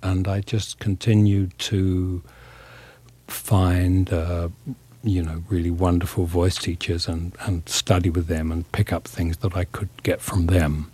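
A man from England, an actor being interviewed, talking in a thoughtful, measured way as he searches for his words. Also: low voice, level tone, dark tone, slightly rough. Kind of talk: reflective interview talk.

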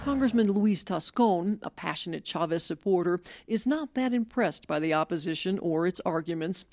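A woman's voice: mid-range voice, no room sound, clean studio sound. Woman reading a radio news report. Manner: measured, even reporting delivery. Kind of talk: scripted news narration.

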